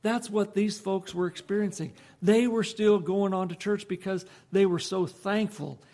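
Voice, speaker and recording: A male preacher delivers a sermon in a folksy, conversational way. He talks to the congregation as if chatting with them. His voice sits a little higher than most men's. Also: steady tone, moderate pace, warm tone.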